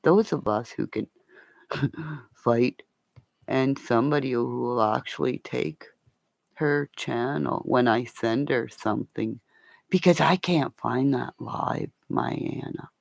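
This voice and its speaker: A woman rambling through a livestream chat, unhurried, her low voice full of gravelly fry. She swears freely and calls her viewers by name and endearment. The sound is dry and close. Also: no room sound. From Northern Ontario, Canada.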